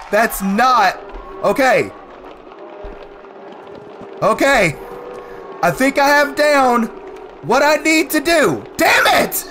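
A man doing let's play commentary, excitable, cursing and shouting at the game as he plays. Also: extremely high pitch. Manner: excitable, swears and yells at the game. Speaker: gaming commentator.

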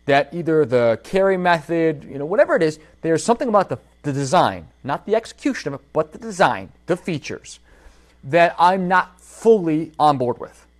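Animated man telling a shop story. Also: on the high side, moderate pace. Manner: animated storytelling, addresses viewers directly. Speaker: holster maker and livestream host. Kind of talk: casual livestream monologue. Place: his workshop.

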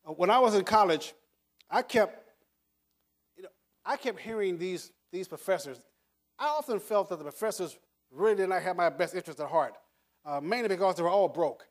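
In an animated, high-pitched voice, an older American man gives an emphatic motivational speech to an audience, talking fairly quickly but leaving long pauses. He repeats words and chuckles through his anecdotes.

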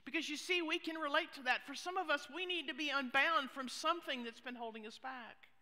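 Bright-voiced woman pastor preaching. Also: sits high, a little fast. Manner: expressive preaching, dropping to hushed asides. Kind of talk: sermon. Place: church sanctuary. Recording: long reverb of a church hall.

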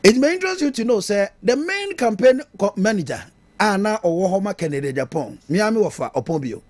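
Animated Ghanaian talk host. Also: male voice, high-pitched, fairly quick, no room sound. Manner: animated, mixing Twi and English, laughing at his own jokes. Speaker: radio and TV talk show host. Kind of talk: political talk show commentary.

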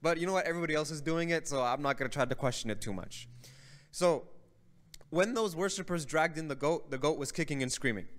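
Speaking quickly in a high-ish, somewhat bright voice, a man lectures on religion in a mosque hall. His storytelling is conversational, peppered with frequent "right?" as he checks in with the audience.

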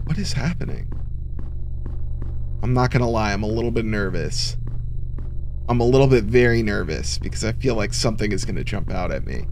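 Joking man with a lively voice. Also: on the low side, fairly quick, long pauses, music in the background. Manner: joking, sarcastic. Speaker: gamer. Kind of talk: let's play commentary.

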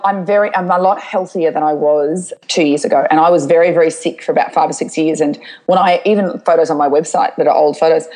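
A woman's voice: low-pitched, darkish tone, poor audio. A middle-aged woman, a guest speaker, answering interview questions candidly and telling stories with frequent restarts. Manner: open, storytelling, restarts her sentences.

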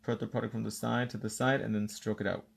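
A man's voice: lowish voice, little pitch movement, quick pace, gravelly, slightly rough. A man hosting a live nail tutorial, explaining each step while bantering playfully with a co-host and viewers and slipping in the odd bit of Spanish.

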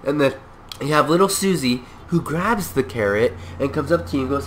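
A man's voice: medium pitch, expressive, fairly quick, slight background noise. A man giving goofy, rambling gameplay commentary, playing along in character with mock-serious speeches. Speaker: gameplay video creator.

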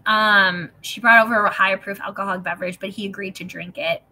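A woman's voice: mid-range voice, fairly even intonation, fast talker, pushed and bright, slight background noise. A woman in her thirties telling a personal story in a chatty way, full of "like", swearing and acted-out quotes, then reading from a book. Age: 30s. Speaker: host reading and discussing a self-help book.

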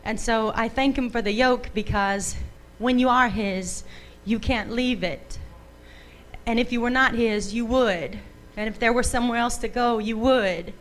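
A woman's voice: fairly high pitch, measured pace, slight background noise, rough recording. A woman giving an earnest church testimony, speaking in exhortative, scriptural phrasing.

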